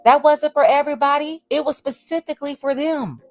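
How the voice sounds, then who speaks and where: Pointed high-voiced woman. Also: a little fast, a little mellow, faint music behind. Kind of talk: political commentary.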